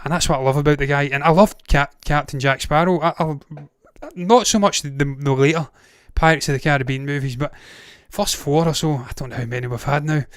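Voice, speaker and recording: Fairly high in pitch and a little fast, the Glaswegian host's voice is clear and resonant on a dry recording with clean studio sound. The Scotsman runs a movie news show, offering casual opinionated commentary, swearing bluntly and digressing often.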